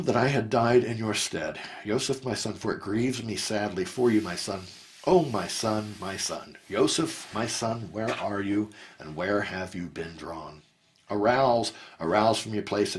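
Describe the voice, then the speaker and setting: A grieving old patriarch mourns his lost son, as a man reading scripture aloud voices him. The voice sits fairly low and moves at an earnest, measured pace. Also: lightly acted.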